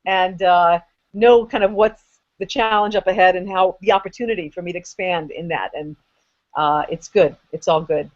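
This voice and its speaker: A woman's voice: fairly low pitch, steady tone, moderate pace. Rambling woman with a sore throat. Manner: rambling, restarts, laughs. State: sick, throat issue. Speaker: guest. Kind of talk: casual conversation. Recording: dull lo-fi sound.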